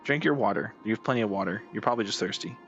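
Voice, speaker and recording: A man's voice: fairly low pitch, racing, fairly bright tone, highs cut off. A young man streaming a game, chatting casually with a playful, teasing tone. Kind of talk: casual live-stream chat. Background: game music.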